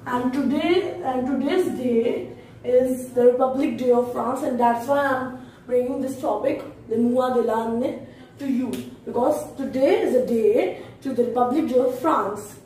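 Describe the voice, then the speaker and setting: A woman teaching French in a casual spoken lesson, slowly saying each word and repeating it for pronunciation. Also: high-pitched, warm tone. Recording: roomy echo from far off, faint noise.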